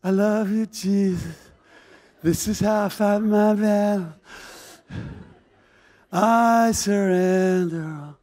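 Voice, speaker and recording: A man voicing a dreamy, devoted hippie woman in a soft, slow, adoring tone. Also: sits high, little pitch movement, vocal fry, voice pushed down, exaggerated voice.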